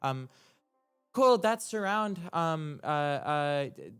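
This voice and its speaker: A young man, a music producer, talking casually on a livestream as he breaks down his own track, rambling and halting with lots of ums, restarts and casual swearing. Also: a little high, lively intonation, a bit bright, smooth. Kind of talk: casual explanatory livestream talk.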